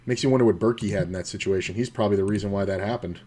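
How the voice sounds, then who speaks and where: A man's voice: fairly low pitch, rapid-fire, warm tone. A man streaming an online poker session, talking casually and profanely to himself about his hands and telling stories between plays. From United States. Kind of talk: casual commentary while playing online poker.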